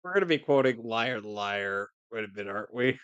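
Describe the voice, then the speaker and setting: A man's voice: on the low side, expressive, moderate pace, fairly bright tone, clean tone, no room sound, dull audio. A man riffing on a film with a co-host, making sarcastic quips at the screen. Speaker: movie commentary co-host. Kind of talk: casual movie riffing commentary.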